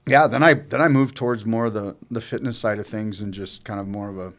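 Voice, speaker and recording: Low-voiced man rambling through a story. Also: fairly even intonation, a little fast. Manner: rambling and profane, with many fillers and restarts. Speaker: co-host telling his own story. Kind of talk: casual storytelling chat.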